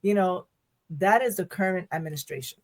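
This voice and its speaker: A woman co-hosting a podcast in casual chat, animated, laughing often and repeating her phrases. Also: lowish voice, brisk. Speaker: podcast co-host.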